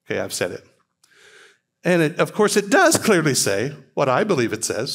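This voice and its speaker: Middle-aged male speaker, conversational and probing, lively pitch, slightly high. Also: moderate pace, slightly rough. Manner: conversational, questioning, quotes scripture aloud. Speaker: speaker at a church hangout. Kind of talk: informal teaching talk to a live audience.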